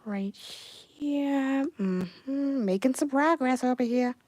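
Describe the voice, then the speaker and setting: A young woman chats casually on a livestream while animating, reading chat messages aloud and breaking into excited outbursts. Her voice sits high, she takes it slowly, and there's no room sound.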